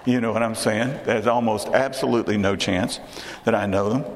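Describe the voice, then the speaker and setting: Texan preacher in a reverberant hall. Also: male voice, lowish voice, normal speed, a little hiss or hum. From Texas. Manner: conversational, repeats words and restarts. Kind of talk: sermon.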